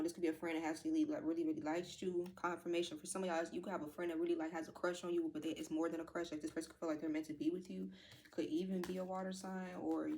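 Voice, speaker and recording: Her lowish voice is a little mellow as this tarot reader rambles through a casual reading for her viewers, full of fillers and y'alls. She grows emotional and near tears at times, with a little hiss or hum on the recording.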